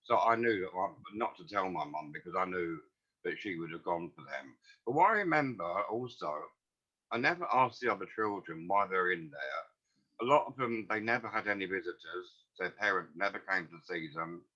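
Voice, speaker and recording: A man's voice: deep voice, animated, moderate pace, pushed and bright. A man, recalling the past as a guest in a rambling, earnest way. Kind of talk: casual storytelling. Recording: dull lo-fi audio.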